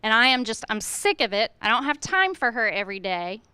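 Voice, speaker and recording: Earnest bright-voiced woman asking rhetorical questions. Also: on the high side, big pitch swings, fairly quick, clear, resonant tone, no room sound. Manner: earnest, rhetorical questions, acts out teacher dialogue. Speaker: school administrator speaking to educators. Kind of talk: presentation at a staff meeting.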